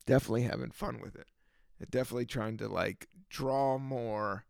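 Man, young, gravelly, dry close sound, rambling casual podcast talk with laughs. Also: mid-range voice, a little fast, a little mellow, no room sound. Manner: loose, laughing, stoned riffing. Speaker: podcast host.

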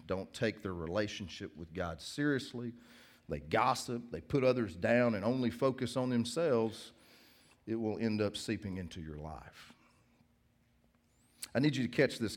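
A middle-aged man preaching a sermon in church as the pastor, telling jokes and stories in a casual, chatty way. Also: fairly low pitch. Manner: casual, joking storyteller.

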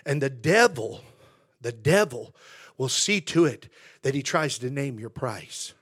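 A male American pastor preaching a sermon, moving between quiet asides and loud, emphatic declarations, with a folksy storytelling manner. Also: medium pitch, expressive, a little slow, breathy edge.

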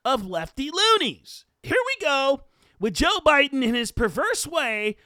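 A man hosting a podcast, delivering an indignant, loud, mocking political commentary rant. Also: very high voice, big pitch swings, unhurried, no room sound, clean studio sound. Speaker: podcast host.

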